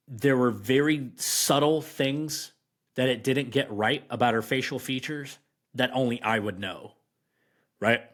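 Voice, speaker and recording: A man guest on a podcast, telling a personal story in a casual, rambling way, with restarts and slow emphatic stresses. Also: mid-range voice, fairly bright tone.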